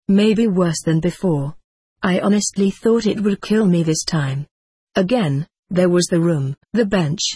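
Husky voice, dry close narration. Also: medium pitch, a little mellow, no echo. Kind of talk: first-person audiobook narration.

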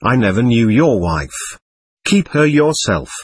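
A man reading aloud the lines of a quick-tempered, stubborn male spirit in a séance record, defiant and threatening. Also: mid-range voice, very animated, husky, no room sound.

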